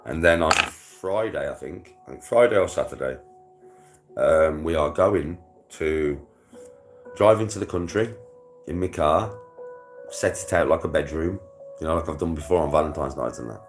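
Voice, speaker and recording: Chatting casually with his livestream audience, a young British man mixes slang and swearing with plenty of laughter. He speaks at a moderate pace in a rumbling low voice, with music in the background.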